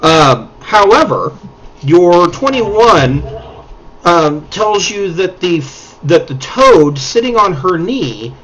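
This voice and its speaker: Lively-voiced man game master. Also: sits high, rough recording. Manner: descriptive, measured narration. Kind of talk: narrating a tabletop game.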